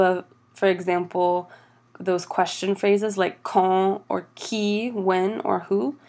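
A woman teaching French grammar over slides, patient and steady, slowing down for each example phrase. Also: medium pitch, creaky.

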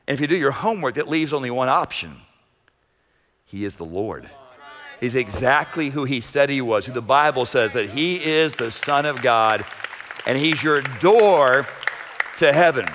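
A man preaching a sermon as pastor, dramatic, swinging between shouted lines and hushed low passages. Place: church sanctuary. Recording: echoey church hall. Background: long hall reverb.

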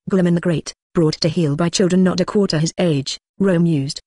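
An audiobook narrator reads a fantasy novel in an even, steady voice. The recording is dry and close, with a mid pitch. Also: fairly quick, hardly any pauses, no echo.

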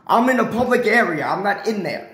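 Holding his phone camera in the indoor public area of a residential building, a man films a heated confrontation with building security, lecturing them combatively and repeating his points. His voice is high-pitched, lively and fairly bright, a little fast, and the audio is poor and reverberant.

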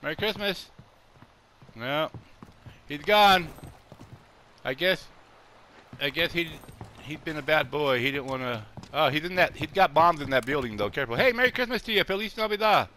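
A man's voice: fairly high pitch, lively intonation, moderate pace, long pauses, pushed and bright, slight background noise. An older man and grandfather, chatting casually while gaming and jokingly wishing opponents a merry Christmas. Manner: jokey, greets enemies with holiday wishes. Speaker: gamer streamer. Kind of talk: casual game chat.

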